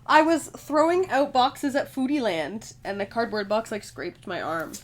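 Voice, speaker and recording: A young woman co-hosting a casual podcast, playful and quick to laugh and chime in. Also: fairly high pitch. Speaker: podcast co-host. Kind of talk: casual chat.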